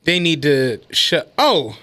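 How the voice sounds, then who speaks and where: A man co-hosting a podcast, telling a story in casual chat, animated and profane and laughing often. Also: on the high side, slow pace. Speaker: podcast co-host.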